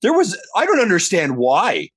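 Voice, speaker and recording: A Canadian man co-hosting a podcast in casual banter, given to animated mock-outraged rants. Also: high voice, normal speed. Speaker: podcast co-host.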